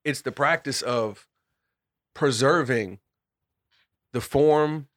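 A man of middle pitch talks through scripture with a small group in a loose, chatty way. He circles back on his words, restarts sentences and laughs easily while he explains. The sound is close and dry, with almost no room around it. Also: takes it slowly, a bit bright, no echo. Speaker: Bible study leader. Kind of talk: casual group Bible discussion.

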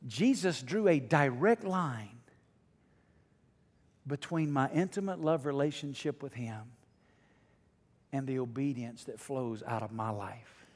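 A middle-aged male pastor preaching a sermon to his congregation, dropping to a hush and then rising almost to a shout. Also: mid-range voice, slow, pauses often, big-room sound. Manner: swings from hushed to near shouting. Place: church sanctuary.

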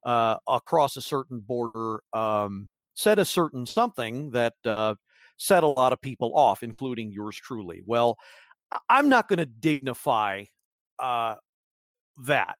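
A man's voice: medium pitch, sing-song, unhurried, dry recording, clean studio sound. A man hosting a casual sports podcast, rambling and wry with lots of fillers. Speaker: podcast host.

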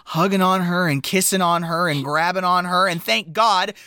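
A woman's voice: on the low side, normal speed, pushed and bright, dry recording, clean studio sound. A woman co-hosting a podcast who chats casually about a movie and reacts to it with strong opinions. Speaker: podcast co-host. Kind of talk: casual movie recap chat.

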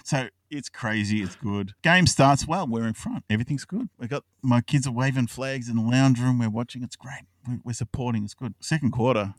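A man in his thirties with an Australian accent, an excitable podcast co-host who tells a long story, swears and laughs often. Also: mid-range voice, brisk, few pauses, dry recording, distant mic. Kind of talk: casual chat.

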